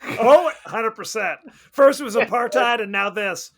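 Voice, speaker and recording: A man co-hosting a podcast, casually retelling a horror movie plot in a loose, profane, animated way with frequent laughs. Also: extremely high pitch, measured pace, creaky. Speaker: podcast co-host. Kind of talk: casual movie recap chat.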